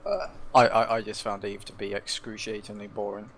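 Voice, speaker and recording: A man's voice: on the low side, fairly even intonation, fairly quick, fairly bright tone, a little hiss or hum. A man co-hosting a tank game stream, trading jokey, teasing banter at a desk microphone. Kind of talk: casual gaming livestream chat.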